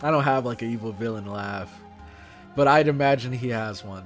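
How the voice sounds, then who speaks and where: A man streaming a game reaction, joking and excitable in casual commentary. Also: mid-range voice, normal speed, faint music behind.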